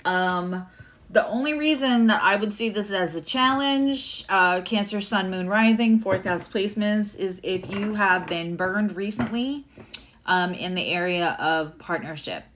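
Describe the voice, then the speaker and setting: A woman's voice: medium pitch, measured pace, a bit bright, slight background noise. A woman giving a casual live tarot and astrology reading, chatty and rambling with many fillers and asides.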